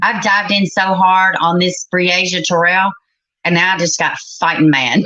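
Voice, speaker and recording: A woman's voice: fairly low pitch, fairly even intonation, unhurried, pushed and bright. A middle-aged woman, hosting a livestream and chatting bluntly and with exasperation with her live chat. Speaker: livestream host. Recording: slightly muffled recording.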